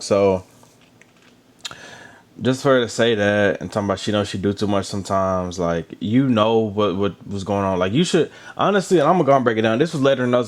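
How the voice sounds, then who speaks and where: Low-voiced guy, chatty and animated, recapping a dating show. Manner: animated, chatty, with asides about drinking water and lotion. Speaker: reality show recap host. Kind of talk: casual recap commentary.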